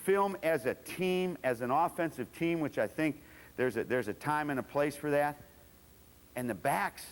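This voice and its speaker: A man giving a football coaching clinic talk, blunt and profane, telling animated stories and acting out his players. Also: a little high, normal speed. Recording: long hall reverb.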